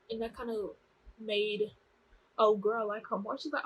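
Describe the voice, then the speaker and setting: A young vlogger recaps a TV show to camera, chatty, slangy and animated, acting out the characters' lines. Her voice is a little high at a normal speed, and the rough recording carries some hiss or hum.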